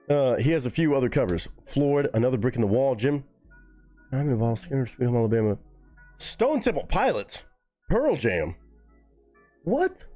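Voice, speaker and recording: A man hosting a relaxed live reaction stream, talking straight to his chat. His voice jumps around a lot and leaps high when something surprises him, with casual curses thrown in. Soft music plays faintly under him. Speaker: livestream host reacting to music.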